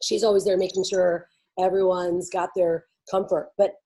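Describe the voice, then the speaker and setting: Bubbly husky-voiced woman host. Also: on the low side, flat delivery, normal speed, dark tone, low-quality recording. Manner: bubbly, laughs often, lots of "like" and "you know". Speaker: event host. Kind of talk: casual explanatory talk to attendees.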